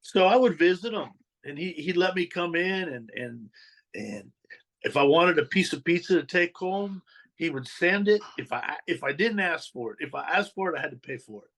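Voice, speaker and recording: Male guest, storyteller, voice sits a bit high, animated delivery. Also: normal speed. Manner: animated, acts out quoted dialogue. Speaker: interview guest, former mob associate. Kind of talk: storytelling in a podcast interview.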